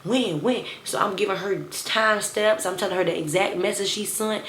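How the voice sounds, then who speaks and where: A woman's voice: mid-range voice, fairly even intonation, brisk, a bit bright, echoey room, a little hiss or hum. A young woman telling a storytime to her phone camera in a blunt, heated, slangy way, talking straight to her viewers. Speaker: storytime vlogger. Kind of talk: casual storytime rant.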